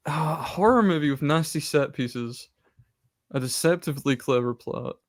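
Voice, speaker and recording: A man's voice: a little high, moderate pace, no room sound, clean studio sound. A man guessing movies on a podcast, thinking aloud and repeating the clues back in casual chat. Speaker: podcast co-host guessing films.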